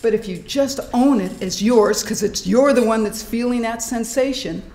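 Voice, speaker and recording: A woman presenting a live workshop in a hospital meeting room, animated and demonstrative, acting out sounds and inner voices as she teaches. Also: on the high side, normal speed. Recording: echoey room, faint background noise.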